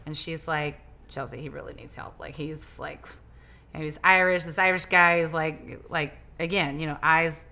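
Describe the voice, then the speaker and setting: Bright, animated woman telling a story. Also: low-pitched, moderate pace. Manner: animated, acts out quoted dialogue; repeats and restarts words. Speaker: interview guest, business owner. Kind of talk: casual storytelling interview.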